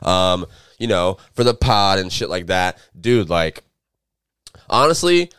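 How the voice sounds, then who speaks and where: Chill young guy from florida hosting a podcast, slangy, lowish smooth voice. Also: sing-song, slow, a bit bright, no echo, studio quality. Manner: laid-back slangy talk, laughs a lot. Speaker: podcast host. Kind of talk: casual chat.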